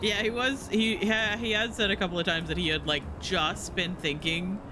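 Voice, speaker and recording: A man's voice: high-pitched, fairly even intonation, moderate pace, noisy background. A man streaming a game, chatting casually in a rambling, giggly way with lots of fillers and restarts. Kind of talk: casual chat while playing a game. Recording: music playing in the background.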